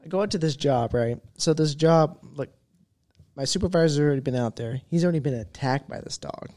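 A podcast co-host telling a story in a lively way, acting out other people's lines. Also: mid-range voice, brisk. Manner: animated storyteller, acts out voices. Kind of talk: casual storytelling.

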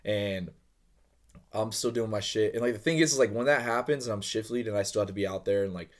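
A young man co-hosting a podcast, chatting casually and telling an animated, sweary story. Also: on the low side, quick pace. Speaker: podcast co-host. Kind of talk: casual chat.

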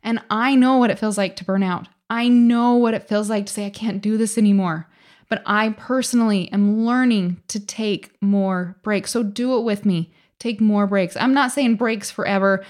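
Middle-aged lady podcaster, peppy pep-talk voice, a bit high, asks lots of questions. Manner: upbeat, emphatic coaching with rhetorical questions. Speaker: podcast host. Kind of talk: motivational business podcast.

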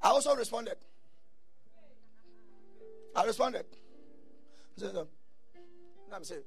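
A man preaching a sermon, telling stories and breaking into shouted bursts. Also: high voice, expressive, takes it slowly, vocal fry, faint music behind. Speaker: pastor.

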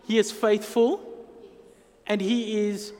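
A man's voice: sits high, flat delivery, takes it slowly, darkish tone. A man preaching a sermon as pastor, earnest and emphatic, drawing out key phrases. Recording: long hall reverb.

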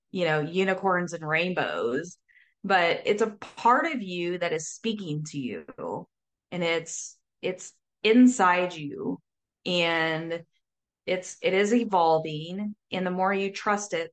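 A woman talking casually as a sober coach guest, lively, full of fillers and acted-out quotes. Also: on the low side. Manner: animated, says "like" often, acts out quotes. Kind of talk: casual interview talk.

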